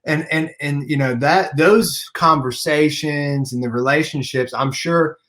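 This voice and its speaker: A man's voice: a little high, a little slow, fairly bright tone. A man hosting a casual interview, asking questions in a friendly, encouraging way. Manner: friendly, encouraging, uses many fillers. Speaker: podcast host.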